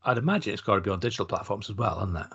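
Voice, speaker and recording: Fast-talking low Welsh man. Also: lively intonation, gravelly, fairly bright tone, slightly rough. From Wales. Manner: chatty and sweary, full of trivia. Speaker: podcast co-host. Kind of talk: casual podcast chat. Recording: slightly dull lo-fi audio.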